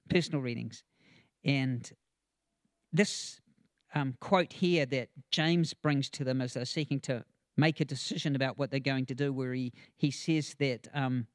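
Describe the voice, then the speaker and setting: A man's voice: medium pitch, dry recording, studio quality. A man preaching a conversational sermon, with chatty asides, chuckles and frequent ums.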